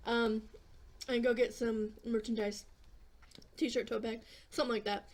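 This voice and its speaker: Woman vlogger, kinda high voice, rambly, swears casually while she eats. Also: little pitch movement, unhurried, long pauses. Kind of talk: casual eating vlog chat.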